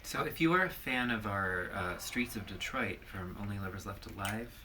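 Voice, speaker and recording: A man's voice: fairly low pitch, moderate pace, sharp tone, a little hiss or hum. A man chatting casually as a co-host, making dry, wry remarks. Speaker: perfume reviewer, co-host. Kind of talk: casual chat.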